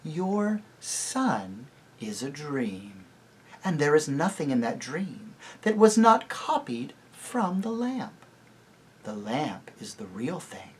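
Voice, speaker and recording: Soft cooing whisper, scheming witch queen, slow, storybook voiced by a man. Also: fairly high pitch, very animated, slightly rough, voice pushed up, exaggerated voice. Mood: mocking.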